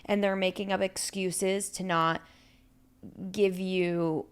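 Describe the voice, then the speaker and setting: Podcast co-host, woman, casual and hedging, mid pitch. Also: flat delivery, clean tone. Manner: chatty, hedging, measured advice. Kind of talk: casual chat.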